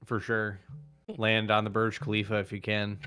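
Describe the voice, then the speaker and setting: A man with a smooth, clear voice joins a casual podcast, joking around with his friends. He hesitates often, filling gaps with "like" and "um.". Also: lowish voice, monotone, moderate pace, sharp tone, soft background music. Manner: playful, hesitant, lots of "like" and "um". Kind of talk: casual chat.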